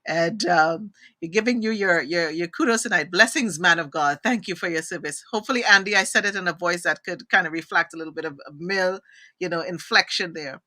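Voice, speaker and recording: A woman from Trinidad hosting a live interview show on a video call, animated and expressive, drifting into tangents. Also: fairly low pitch, fast talker. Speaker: host.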